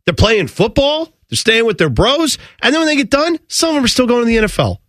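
A man's voice: extremely high pitch, quick pace, dry recording, clean studio sound. A man co-hosting sports radio with a cold, ranting animatedly in casual banter. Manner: animated, mock-shouting ranter. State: has a cold. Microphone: studio broadcast mic.

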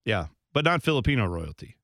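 A man's voice: on the low side, sing-song, fairly quick, a bit bright, dry recording. A man co-hosting a radio show, telling rambling, self-deprecating stories in casual banter at a studio microphone.

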